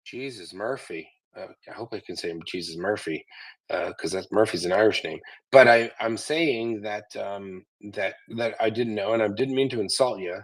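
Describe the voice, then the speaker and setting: A man's voice: on the low side, normal speed, poor audio. A man from Canada hosting a heated live audio chat, who keeps cutting in with insistent interruptions.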